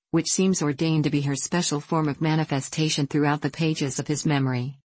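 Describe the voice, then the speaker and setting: A woman narrating a classic novel in a measured, literary reading. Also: deep voice, a little mellow, no room sound. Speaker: audiobook narrator. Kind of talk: scripted narration.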